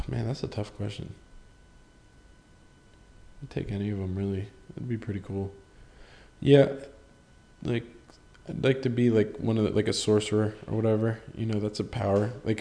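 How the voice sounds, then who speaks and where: A man's voice: lowish voice, vocal fry, mellow. A young man hosting a solo podcast, rambling through an awkward story with casual swearing and self-deprecating asides. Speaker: podcast host.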